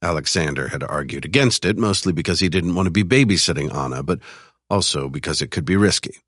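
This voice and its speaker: A man narrating a thriller audiobook in an even, measured reading style. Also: low-pitched, no echo, clean studio sound.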